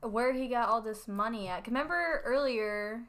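Woman, true-crime podcast co-host, reads the case notes, bright tense voice, higher pitch. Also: normal speed, slight background noise. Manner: reads case details, tentative asides.

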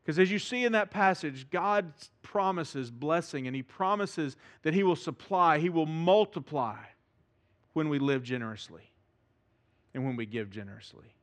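A man pastor preaching a sermon, with emphatic delivery that swings from loud to soft. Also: on the high side, moderate pace.

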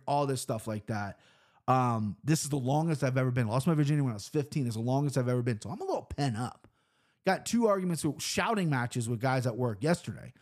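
A young man hosting a casual podcast monologue, brash and profane, swinging between loud outbursts and low mumbled asides. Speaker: podcast host.

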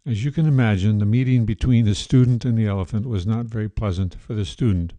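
Calm podcast guy reading a story, really mellow dark voice, dry close sound. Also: lowish voice, fast talker, dry recording. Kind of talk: scripted story narration.

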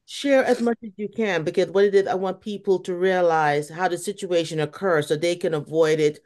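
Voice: mid-range voice, steady tone, brisk, a little mellow. Encouraging interview host. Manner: encouraging, frequent "mm-hmm" backchannels. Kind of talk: interview questioning.

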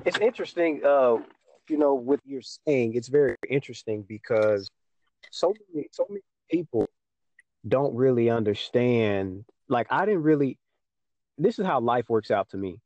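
A man's voice: mid-range voice, animated, normal speed, a little mellow, dry recording, lo-fi sound. A young man from Texas in casual chat, telling a story and acting out what people said to him. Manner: storytelling, acts out dialogue with mom.

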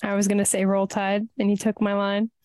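A woman's voice: medium pitch, monotone, a little fast, a little mellow, no echo. A woman on a casual sports podcast who gives short picks and teases the other panelists.

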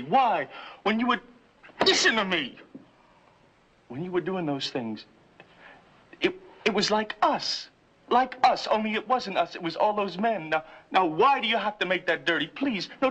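A man's voice: high-pitched, sing-song, normal speed, a bit bright, husky, full character voice. A young actor playing a hurt, idealistic teenage boy in a 1960s film drama, pleading and anguished. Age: young adult. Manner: pleading and anguished, words tumbling out.

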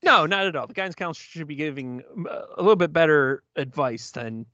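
Bright-voiced man, lo-fi podcast mic. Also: on the high side, animated, brisk, no echo. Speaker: podcast co-host. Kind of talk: casual chat, recapping an episode.

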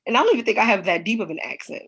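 A woman's voice: mid-range voice, very animated, rapid-fire, a bit bright, slightly rough. A woman from Baltimore with a mild Baltimore accent, hosting a casual interview and laughing often. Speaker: podcast host.

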